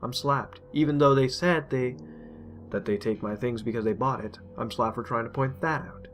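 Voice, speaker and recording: A man reading a dark first-person story aloud, intense and emotional. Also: mid-range voice, moderate pace. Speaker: narrator. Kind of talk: dramatic horror story reading. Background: faint music.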